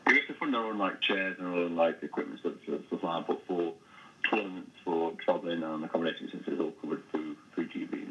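Low-voiced man, matter-of-fact. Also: fast talker, sharp tone. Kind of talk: casual chat. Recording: dull sound with faint background noise.

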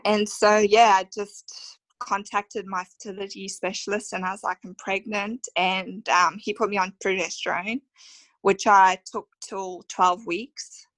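A woman's voice: mid-range voice, little pitch movement, unhurried, fairly bright tone, dry recording, poor audio. Emotional Australian woman, dry close sound. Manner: emotional, heartfelt, many fillers. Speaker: podcast guest. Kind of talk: conversational storytelling interview.

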